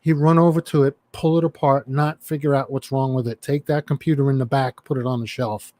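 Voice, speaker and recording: Profane, animated male storyteller. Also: medium pitch, fairly quick, dry recording. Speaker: chat participant. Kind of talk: casual storytelling.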